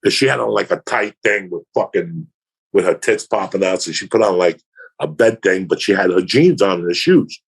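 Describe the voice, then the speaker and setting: Brief: male comic, crude and profane anecdote teller, husky voice with a lively, swinging delivery. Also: low voice, normal speed. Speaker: comedian guest. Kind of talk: casual podcast storytelling.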